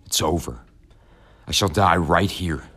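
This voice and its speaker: A weak, frightened old father pleads to be left alone to rest, his voice low and tender, as a deep-voiced narrator gives him voice. The tone is faint and drained, like a man at the end of his strength. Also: unhurried, a bit bright, slightly rough, heavily acted. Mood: weary pleading.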